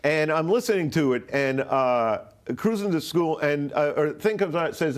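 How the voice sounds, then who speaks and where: A man's voice: a little high, animated, normal speed. A man from Rhode Island telling a story casually, rambling with fillers, restarts and swearing. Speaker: interview guest.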